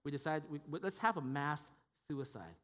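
A man with a high voice preaches in a church, talking to the congregation in a loose, conversational way. He keeps checking in with "right?" and restarts his sentences, and the sound carries a long reverb. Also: animated, brisk, a bit bright. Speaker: pastor. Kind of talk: sermon.

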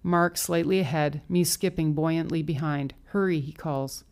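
A woman narrating a first-person story as an audiobook, calm and intimate in her reading. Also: deep voice, unhurried.

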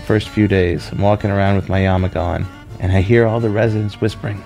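A male comedian tells a personal story, chatty and self-deprecating. His voice sits on the low side, with faint music under it. He keeps the tone easy and offhand. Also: fairly even intonation, brisk, gravelly.

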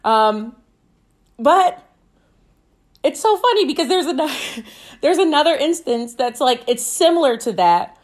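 A woman's voice: high-pitched, very animated, a little slow, pauses often. A woman in her twenties hosting a podcast, telling a personal story casually and acting out her own quoted lines with laughs. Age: 20s. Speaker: podcast host.

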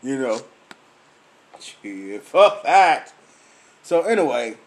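A man's voice: medium pitch, drawn-out words. A man from Memphis, drinking while telling a profane story in a casual monologue, acting out the voices of the people in it. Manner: profane, animated storytelling with acted-out dialogue. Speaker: vlogger.

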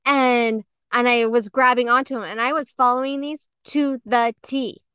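A woman co-hosting a podcast, telling her story in a candid, animated way and acting out what people said. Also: fairly high pitch, moderate pace, clear, resonant tone, no room sound. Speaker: podcast co-host. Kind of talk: candid conversational podcast talk.

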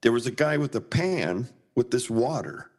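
Speaking at a normal pace with a medium-pitched voice, this middle-aged Minnesota man, a sign painter, chats casually while recounting a story. He brings it to life with animated delivery, performing each character's voice.

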